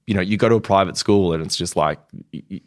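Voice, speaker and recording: An Australian man in his thirties, telling his story frankly in a relaxed conversational way as a podcast guest. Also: deep voice, fast talker. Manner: relaxed, frank, laughs while telling stories.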